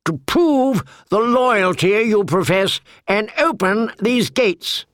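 A male storyteller voicing an arrogant knight issues commands with languid disdain. The voice rides high and slow. It is recorded close and dry. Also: animated, fairly bright tone, no room sound, heavily acted. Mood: haughty. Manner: bored, lofty, commanding.

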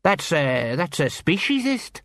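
A fretful middle-aged sergeant of the city watch, as a male narrator puts him on, hesitating and miserable. He talks slowly, a little above the narrator's usual pitch. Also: big pitch swings, fairly bright tone, dry recording, studio quality, heavily acted. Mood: hesitant.

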